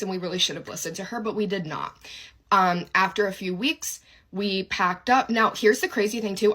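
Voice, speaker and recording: A woman's voice: lowish voice, fairly bright tone. A woman chatting casually to her viewers about her own story, with lots of ums. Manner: informal, lots of ums, speaks straight to viewers.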